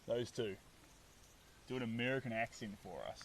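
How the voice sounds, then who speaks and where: A man's voice: medium pitch, fairly even intonation, moderate pace, long pauses, recorded from a distance, a little hiss or hum, poor audio. A man with a New Zealand accent chatting upbeat and casually while painting on a live stream, reading out viewer comments.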